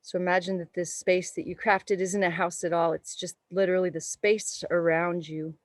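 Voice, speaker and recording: A woman yoga teacher giving slow, soothing, meditative guidance during a class in a studio. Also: lowish voice, little pitch movement, dry recording, poor audio. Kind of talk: guided yoga class instruction.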